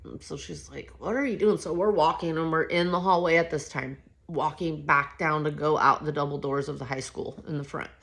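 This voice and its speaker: Woman telling her own story, blunt and chatty, kinda low voice. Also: fairly even intonation, normal speed, hardly any pauses, a bit bright. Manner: blunt and conversational, with frequent swearing and fillers. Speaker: memoir author recounting her life. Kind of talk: personal storytelling, casual and candid.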